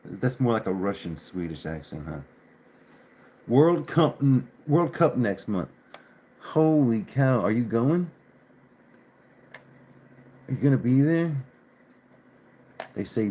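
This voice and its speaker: A man's voice: mid-range voice, big pitch swings, a little slow, pauses often, darkish tone. A man chatting casually on a livestream, laughing often and cursing mildly. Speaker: livestream host. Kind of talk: casual live chat.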